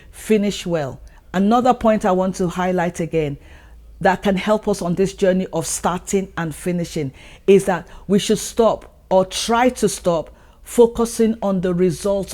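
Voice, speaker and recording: A woman's voice: mid-range voice, mellow. A woman hosting her own channel, giving an earnest motivational talk and repeating her points for emphasis. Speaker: channel host.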